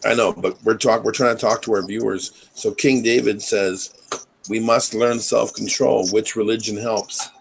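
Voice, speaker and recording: A man hosts a casual live chat over a video call, pressing his guest with questions. His voice sits low and gravelly. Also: fairly even intonation, moderate pace, noisy background. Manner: questioning, pushes back. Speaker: host.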